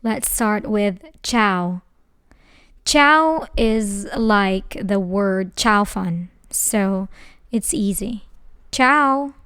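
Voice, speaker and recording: Slow, careful woman teaching a lesson. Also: medium pitch, a bit bright, clean tone. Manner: slow, careful, spells out syllables. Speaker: language teacher.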